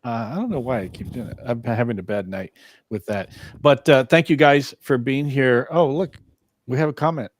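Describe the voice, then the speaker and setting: Hosting a relaxed talk show by video call, this man talks at normal speed with a medium-pitched voice. His easygoing delivery keeps drifting off into fillers and little chuckles.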